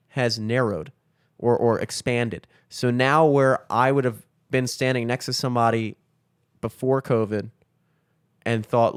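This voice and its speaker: A man's voice: mid-range voice, clear, resonant tone, dry recording, clean studio sound. Rambling casual podcast man. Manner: rambling, lots of fillers and swearing. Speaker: podcast co-host. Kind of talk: casual chat. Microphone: studio mic.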